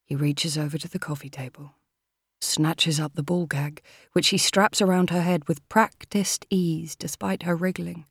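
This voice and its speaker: A woman reading an audiobook in a measured, steady manner. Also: low-pitched, vocal fry, husky, dry recording, clean studio sound. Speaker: audiobook narrator. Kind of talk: audiobook narration.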